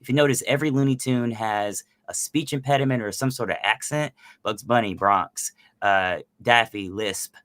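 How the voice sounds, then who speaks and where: This man has a bright, forceful voice and a very dry, close sound. He talks in an animated, casual way, full of fillers, as a voice actor explaining how to build characters. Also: mid-range voice, moderate pace, few pauses, no room sound. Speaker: voice actor guest. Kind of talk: casual podcast chat.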